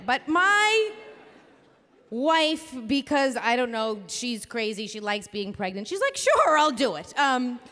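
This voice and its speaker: A woman hosting a live storytelling show and telling a story on stage into a microphone, in an animated, comic, blunt and profane way. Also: fairly high pitch. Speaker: storyteller and host. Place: theater stage before a live audience. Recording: reverberant live theater hall.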